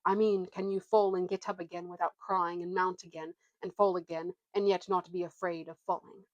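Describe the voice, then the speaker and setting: A grand, scornful talking horse, put on by a woman reading aloud, speaking in a lofty, drawn-out way. The voice sits a little low and sounds dry and close. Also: little pitch movement, no echo, muffled recording, lightly acted. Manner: haughty, lofty, drawn-out words. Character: proud talking warhorse, male, grand and scornful.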